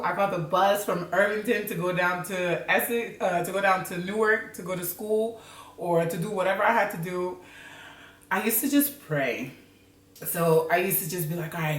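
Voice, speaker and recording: A woman from Africa with an American accent, telling a story in a casual, slangy, animated way and laughing often. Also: medium pitch. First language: Criollo. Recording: roomy, mic at a distance.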